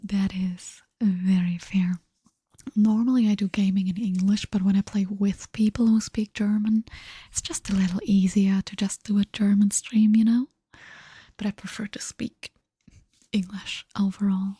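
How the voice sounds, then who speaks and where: A tired woman chatting in a breathy whisper during an ASMR livestream, switching between two languages. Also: medium pitch, fairly even intonation, normal speed, mellow, no room sound, clean studio sound. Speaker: ASMR streamer.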